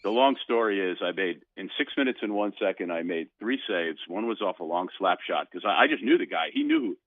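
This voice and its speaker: An older man with a deep voice calls in as a guest on a sports radio show, telling a long story at a fairly quick clip. He's an animated storyteller who keeps restarting, and the phone line sounds dry.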